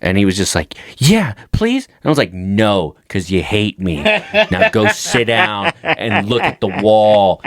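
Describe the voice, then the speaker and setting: A man's voice: lowish voice, very animated, a little slow, hardly any pauses, crowd noise. A man in his thirties telling crude, joking stories with plenty of swearing as a comedy podcast co-host. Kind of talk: casual comedy podcast banter.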